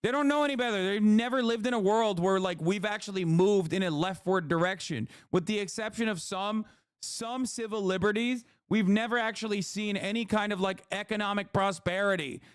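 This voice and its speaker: A man in his thirties riffs on a political clip from his home stream, swearing freely and mocking his opponents. His voice sits high for a man. The recording is dry and close, with almost no room sound. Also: fairly even intonation, fairly quick, smooth, dry recording. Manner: profane, heated, mocking, mimics opponents in a shouting voice. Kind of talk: casual political commentary stream.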